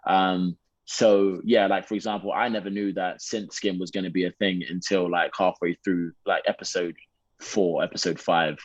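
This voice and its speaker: A man from England with a low, deep voice talks in a put-on American accent. He answers questions in a loose, rambling way. The sound is dry and slightly muffled. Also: moderate pace, no room sound. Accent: American (put on, Detroit-leaning). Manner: relaxed, rambling with many fillers and restarts. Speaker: actor, interview guest. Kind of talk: casual interview answers.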